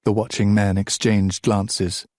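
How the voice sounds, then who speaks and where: Man, audiobook narrator, low voice, very slow, dry close sound. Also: level tone, a little mellow, no room sound. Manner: slow, measured, grave reading. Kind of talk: scripted narration of a novel.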